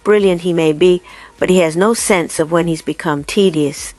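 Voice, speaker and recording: A woman's voice: fairly low pitch, normal speed, a little mellow, no room sound, soft background music, voice pushed down, close to an everyday voice. A woman reading the part of a haughty young society girl student in an audiobook, speaking severely. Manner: severe, clipped.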